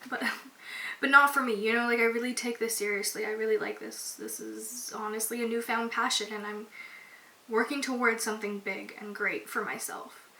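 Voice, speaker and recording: On her own podcast, a young woman speaks at a moderate pace in a higher, pushed, bright voice with fairly even intonation. The monologue is candid and casual, emotional and open, peppered with "like." It was captured on a distant mic in an echoey room, with faint hiss.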